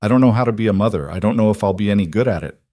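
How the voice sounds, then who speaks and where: A man voicing a fierce, frightened young pregnant frontier wife in an audiobook, sounding pleading and quick to snap. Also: fairly low pitch, dark tone, no echo, studio quality, natural voice. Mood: upset. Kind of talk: audiobook character voice.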